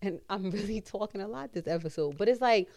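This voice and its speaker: A woman's voice: medium pitch, expressive, fairly quick, dark tone, no echo, studio quality. A woman hosting a podcast in casual chat, ranting bluntly and emphatically with heavy swearing. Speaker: podcast host.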